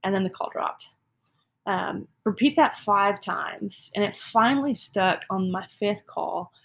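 Chatty woman with a gravelly edge. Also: medium pitch, a little slow, a bit bright. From Texas. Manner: self-deprecating, chatty, many fillers like "um" and "like". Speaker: guest telling a personal story. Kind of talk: casual conversational storytelling.

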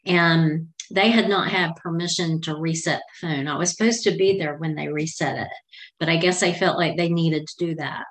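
A woman's voice: deep voice, normal speed. A middle-aged woman hosting a podcast and telling a personal story in a chatty, meandering, heartfelt way. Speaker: podcast host.

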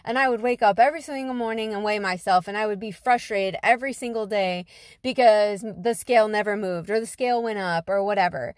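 A woman's voice: mid-range voice, brisk, no room sound, clean studio sound. A young woman telling a personal story in a casual, conversational way, full of fillers like "you know". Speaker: guest telling her story.

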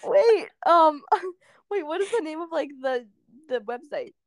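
A woman's voice: high-pitched, animated, a little slow, no echo, clean studio sound. A young woman co-hosting a podcast in casual chat, talking freely with plenty of "like" fillers. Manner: chatty, lots of "like" fillers. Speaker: podcast co-host.

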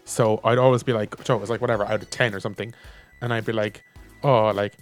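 A man's voice: on the low side, little pitch movement, fast talker, faint music behind. A young Irish man chatting casually, wry, reading out emails and acting out teachers. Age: young adult. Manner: wry, reads out emails in mock voices. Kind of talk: casual chat.

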